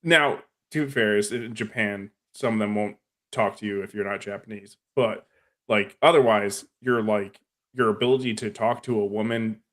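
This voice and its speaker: A man's voice: on the low side, fairly even intonation, normal speed. A man from New Jersey telling rambling stories on a casual podcast chat, acting out the people he quotes.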